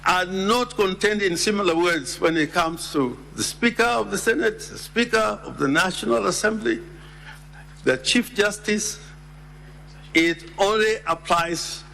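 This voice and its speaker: A man, a lawyer, making a deliberate, emphatic formal legal argument in a senate chamber and repeating key words. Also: sits high, animated, vocal fry, bright, forceful tone, in a large hall, a little hiss or hum.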